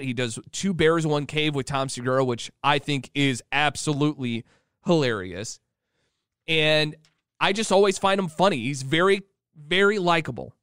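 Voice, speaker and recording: Man, show host, chatty rambling storyteller, slightly high voice, dry sound. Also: a bit bright, smooth, no room sound. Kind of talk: casual monologue.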